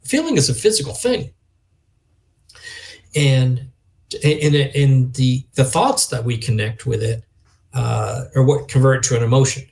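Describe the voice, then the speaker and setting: A middle-aged man talks in a relaxed interview with an earnest, reflective manner. His voice has a gravelly edge. He often acts out the words of others as he tells his story. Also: medium pitch. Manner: earnest, reflective, quick to emotion, acts out quoted dialogue. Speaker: guest, youth organization leader. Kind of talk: conversational podcast interview.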